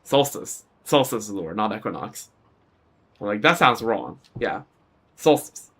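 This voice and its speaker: A man's voice: on the low side, very animated, unhurried, fairly bright tone, breathy edge. A man giving casual let's-play commentary, rambling and self-deprecating, often restarting his sentences. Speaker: game streamer.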